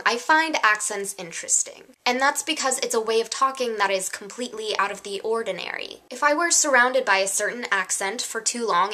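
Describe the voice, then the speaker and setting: A woman's voice: medium pitch, pushed and bright. A young woman with an American accent, chatting sarcastically to camera in a casual vlog. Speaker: vlogger.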